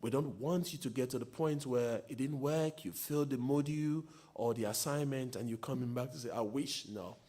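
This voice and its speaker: A man's voice: mid-range voice, fairly quick, few pauses, mellow. A man, a lecturer co-hosting a live show, giving direct, encouraging advice to students. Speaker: lecturer, co-host.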